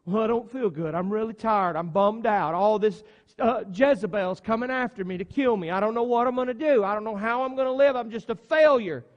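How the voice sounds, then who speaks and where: A man's voice: high-pitched, fairly quick, dull audio, close to an everyday voice. A man voicing a weary, despairing male prophet who whines in self-pity. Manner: whiny, self-pitying. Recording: long reverb of a church hall.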